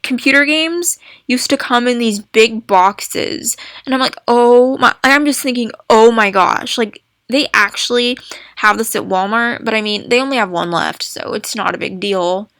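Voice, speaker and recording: A young woman talks to her viewers in an unhurried, rambling way, circling back over her own phrases and breaking into excited exclamations. Her voice is bright and sits a little high, recorded close and dry with no room sound. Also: dry recording. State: hiccups. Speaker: gaming vlogger. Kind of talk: casual chat to viewers.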